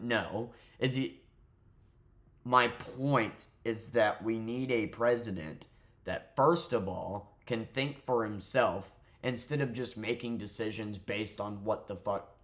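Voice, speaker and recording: A man's voice: lowish voice, a bit bright. A young man, delivering a heated, profane, sarcastic political rant straight to camera. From southern United States. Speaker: vlogger.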